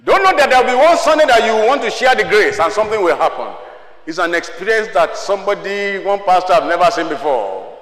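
A male pastor preaches in a sharp, forceful voice that sits high for a man. He works the congregation with call-and-response, sliding from quiet asides up to shouting. The sound is roomy, with reverb trailing off in a large hall. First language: Yoruba. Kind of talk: sermon. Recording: echoey hall with long reverb.

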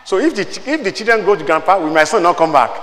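A man's voice: high-pitched, animated, fast talker, a bit bright, big-room sound, poor audio. An older man preaching a sermon as pastor, with emphatic rising bursts and chatty asides. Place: church hall.

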